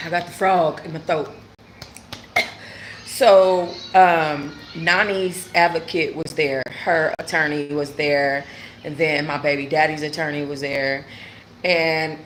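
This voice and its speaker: Low-voiced woman chatting with viewers. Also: slight background noise. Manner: emotional storytelling with slang and frequent fillers. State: close to tears. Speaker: host of a talk channel. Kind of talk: casual livestream chat with viewers.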